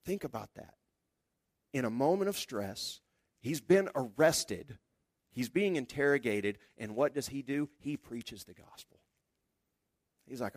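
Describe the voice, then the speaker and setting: A man preaching a sermon in a conversational, lively way, acting out the quotes. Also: fairly high pitch, normal speed, husky, no room sound, clean studio sound. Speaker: pastor.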